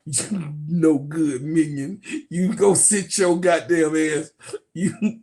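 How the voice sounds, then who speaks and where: A man's voice: on the high side, steady tone, takes it slowly, warm tone. A man playing a fed-up, profane woman basketball coach who barks crude orders. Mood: furious.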